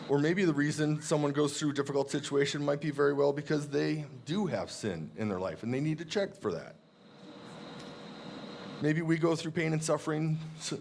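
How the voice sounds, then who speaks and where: A man preaching a sermon in a church, earnest and reflective, slowing down to read scripture verses aloud. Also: mid-range voice, vocal fry, a little mellow, a little hiss or hum. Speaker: pastor.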